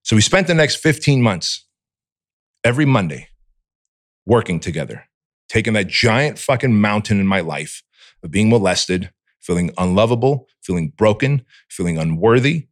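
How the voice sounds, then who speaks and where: A podcast guest, a man from Armenia, talks candidly in a fairly low voice, blunt and full of cursing. He acts out the voice in his own head as he tells it. The sound is dry and close, with no room echo. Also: lively intonation, normal speed. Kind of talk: candid personal storytelling.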